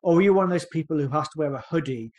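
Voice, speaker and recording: A man's voice: a little high, darkish tone, dull audio. A man co-hosting a comedy podcast, joking and sarcastic as he reads from his notes. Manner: jokey, sarcastic, breaks into quick silly voices. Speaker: podcast co-host. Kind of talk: casual comedic podcast chat.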